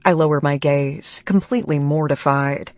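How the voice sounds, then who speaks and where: A woman reading a first-person romance audiobook, slow and emotional in a measured way. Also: low-pitched, a little mellow, dry recording. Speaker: audiobook narrator.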